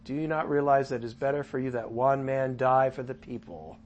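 A man leading a casual Bible study, paraphrasing scripture in his own words with chatty asides and swinging from loud to soft. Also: medium pitch, fairly quick, highs cut off, slight background noise. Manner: lively shifts from loud to soft.

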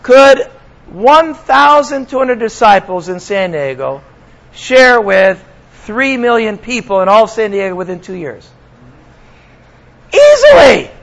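A man's voice: high-pitched, expressive, a little slow, creaky, a bit bright, rough recording. A man preaching a sermon as pastor, talking conversationally to his congregation and slipping in sarcastic asides.

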